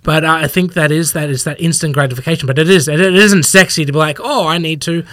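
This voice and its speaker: A fitness professional guesting on a podcast talks fast in a somewhat high, slightly bright voice, recorded dry with clean studio sound. In this casual conversational interview he rambles and acts out what people think in little quoted asides.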